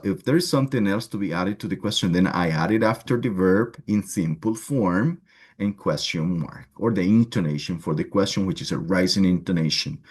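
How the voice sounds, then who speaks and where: Very low-voiced male English teacher. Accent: Spanish. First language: Spanish. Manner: explanatory, checks in with "right?" often. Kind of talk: online class lecture.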